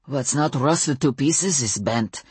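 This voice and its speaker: A woman voicing a grumpy older male mechanic with a German accent, growling and muttering slowly. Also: a bass voice, animated, darkish tone, breathy edge, dry recording, full character voice. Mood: grumbling. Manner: growling, muttering, slow and surly.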